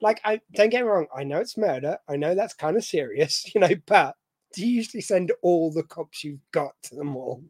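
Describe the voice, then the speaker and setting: A man's voice: fairly high pitch, animated, brisk, darkish tone, slightly rough, dry recording. A British man co-hosting a podcast, chatting and joking with rambling asides. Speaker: podcast co-host. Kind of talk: casual chat.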